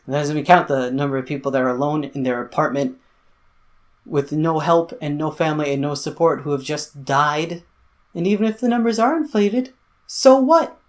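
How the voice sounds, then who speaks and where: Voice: medium pitch, moderate pace. A commentary vlogger, delivering an angry, sarcastic, profanity-filled political rant. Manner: sarcastic, profane, sputtering with anger.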